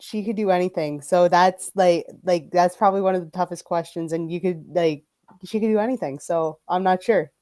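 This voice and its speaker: A woman's voice: lowish voice, normal speed, dark tone, dry recording, studio quality. A woman athlete as a guest, speaking earnestly and hesitantly with many fillers. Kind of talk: casual interview talk.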